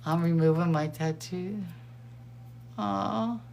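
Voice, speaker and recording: A middle-aged woman hosting, chatting with friends in a casual, excitable way and laughing often. Her talk is unhurried and drawn out. Her pitch sits in the middle of the range. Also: dull audio. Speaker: host. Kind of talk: casual chat.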